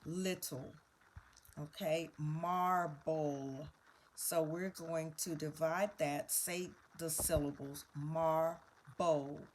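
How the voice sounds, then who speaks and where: A woman's voice: sits low, steady tone, takes it slowly, darkish tone, a little hiss or hum. A woman teaching a spelling lesson, patiently spelling words out letter by letter and walking through each answer.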